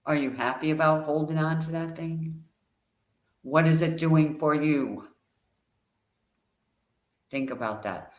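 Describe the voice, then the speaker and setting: A man's voice: fairly high pitch, a little slow, long pauses. A man giving an emphatic motivational talk, full of rhetorical questions and a told parable. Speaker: guest speaker. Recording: echoey room.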